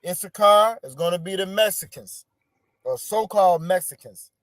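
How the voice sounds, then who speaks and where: A man's voice: high voice, moderate pace, a bit bright, dry recording, studio quality. Encouraging man teaching an online class. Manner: encouraging, repeats words. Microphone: video call.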